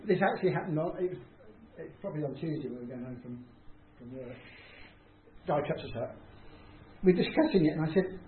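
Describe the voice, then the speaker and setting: Man, informal speaker, self-deprecating, acts out reactions; bright lively pitch, lo-fi phone-like sound with faint hiss. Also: brisk, pauses often. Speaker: speaker giving a talk on mercy. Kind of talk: informal talk to a small group. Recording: tinny, roomy, faint hiss.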